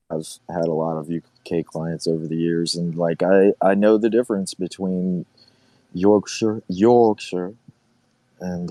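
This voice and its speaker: Deep-voiced man, chatty. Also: warm tone, no echo, rough recording. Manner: rambling, self-correcting, joking. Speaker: podcast co-host. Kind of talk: casual chat.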